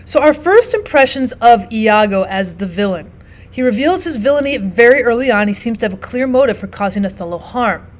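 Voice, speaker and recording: Fairly high-voiced woman teaching literature. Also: a little fast. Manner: explanatory, steady, often starts with "now" and "so". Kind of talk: recorded lesson narration.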